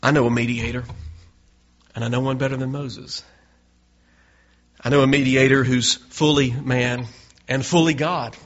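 A man's voice: mid-range voice, flat delivery, a little slow, pauses often. A male pastor preaching a sermon in an earnest way, building to emphatic peaks. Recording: dull lo-fi recording.

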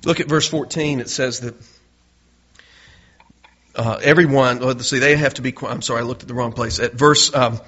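A man's voice: medium pitch, fairly even intonation, moderate pace, long pauses, fairly bright tone, slightly rough. A male pastor preaching a sermon in an earnest way, building to emphatic peaks. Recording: dull lo-fi recording.

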